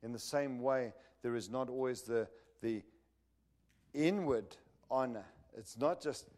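A man's voice: mid-range voice, measured pace, darkish tone. Male preacher in a sermon, emphatic and punchy, checks in with the listeners, voice sits mid-range. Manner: emphatic, punchy, drives points home with repeated phrases; asks the listeners for agreement.

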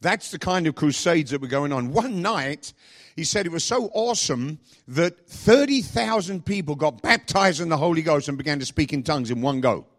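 A man pastor preaching a sermon, asking the congregation repeated questions and speaking with lively emphasis. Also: fairly high pitch, normal speed.

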